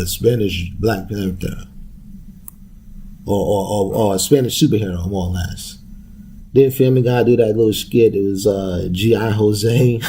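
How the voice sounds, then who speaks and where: Gravelly, profane young podcast host. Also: male voice, fairly low pitch, warm tone, a little hiss or hum. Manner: loose, profane, laughing, street slang. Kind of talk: casual profane rant.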